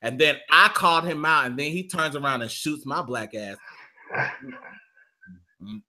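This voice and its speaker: A man's voice: fairly high pitch, a little slow. A man co-hosting a live talk show, telling a profane comedic story and acting out the quotes in his own voice. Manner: loud, profane, acts out quotes in shifting voices. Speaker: radio show co-host.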